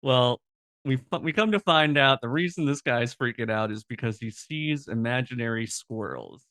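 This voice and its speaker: A man's voice: medium pitch, sing-song, normal speed, a bit bright, dry recording. A man co-hosting a podcast, chatting casually with playful reactions and jokes. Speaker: podcast co-host. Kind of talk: casual chat.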